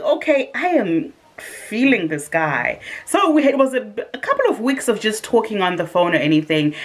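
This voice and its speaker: Animated British woman telling a dating story. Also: sits low. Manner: animated, dramatic retelling with quoted asides. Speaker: vlogger. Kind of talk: casual storytelling to camera.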